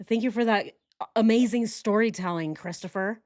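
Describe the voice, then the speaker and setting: A woman's voice: medium pitch, brisk, a little mellow. A woman hosting true crime commentary, talking sarcastically and speaking straight to her viewers. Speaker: host.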